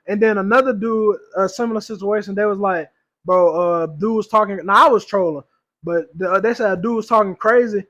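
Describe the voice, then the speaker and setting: A man's voice: high voice, fairly quick, fairly bright tone. A young man, co-hosting a casual podcast and telling slangy stories with frequent laughs. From Louisiana or Texas, US South. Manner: slangy storytelling, laughs often. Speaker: podcast co-host.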